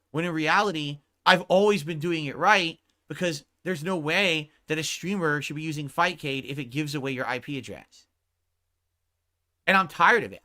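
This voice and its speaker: A man's voice: a little high, bright, forceful tone. A male streamer on a heated, profane rant who keeps checking his point with 'right?'. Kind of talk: angry livestream rant.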